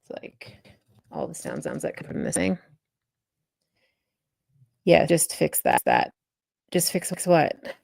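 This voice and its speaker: A young woman hosting a casual livestream, rambling with many fillers and getting excited. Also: low-pitched, slow, vocal fry, pauses often. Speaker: livestream host.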